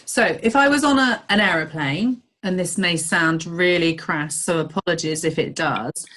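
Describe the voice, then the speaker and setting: A woman leading a group video call as a business coach, chatty and acting out little dialogues in bright voices. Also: on the low side, moderate pace.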